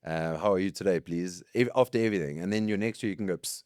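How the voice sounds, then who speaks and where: A man's voice: deep voice, quick pace, dry recording, clean studio sound. A South African man in his late thirties, a podcast guest telling school stories in a casual chat and laughing often. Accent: South African English. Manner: laughs often, lively anecdotes.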